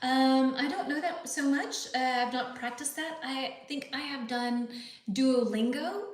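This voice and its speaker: A woman's voice: sits high, unhurried. Chatty woman teacher in an echoey room. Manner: chatty, thinking aloud, frequent fillers and laughs. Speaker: English teacher hosting a live lesson. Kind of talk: casual live-stream chat reading viewer comments.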